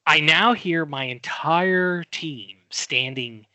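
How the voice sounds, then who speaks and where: A middle-aged man tells a story as a podcast guest, lively and fond of acting out what everyone said. His voice is very bright and sits a bit high for a man. The sound is dry and close. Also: takes it slowly, dry recording. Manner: animated storyteller, acts out quoted voices.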